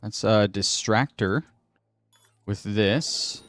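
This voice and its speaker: A man's voice: on the low side, unhurried. A man hosting a gaming channel, thinking aloud and muttering to himself in casual commentary while he plays.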